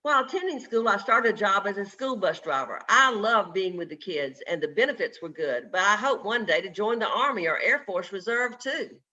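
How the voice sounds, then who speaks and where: A man's voice: high-pitched, lively intonation, normal speed, hardly any pauses, pushed and bright, exaggerated voice. A man reading out the lines of a troubled, hopeful young man from a small town, telling his life story in an earnest first-person way. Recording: dull lo-fi video call audio.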